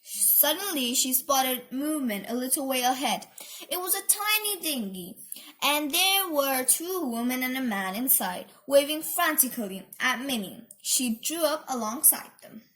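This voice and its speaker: A woman reading a children's storybook aloud, expressive, with asides about the pictures. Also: sits high, measured pace, few pauses.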